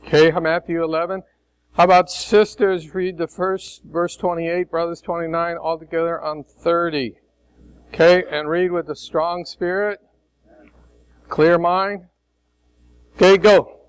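Chicago guy preaching slow, higher voice, gets the church to answer back, jokes around. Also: little pitch movement, clean tone, low-quality recording. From Chicago, United States. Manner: coaxing, emphatic, jokes with the congregation. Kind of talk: sermon with call-and-response.

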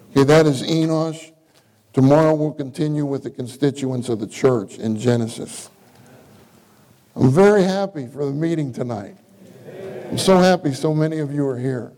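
Mellow-voiced male preacher questioning his congregation. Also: on the high side, rough recording. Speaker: preacher leading a church meeting. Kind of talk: sermon.

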